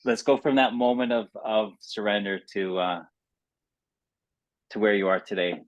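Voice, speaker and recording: A man hosts an interview podcast in a relaxed, supportive way, with playful sports metaphors. His voice sits low and the recording is dull and lo-fi with no room sound. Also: normal speed, no echo. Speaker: podcast host. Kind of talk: casual interview chat.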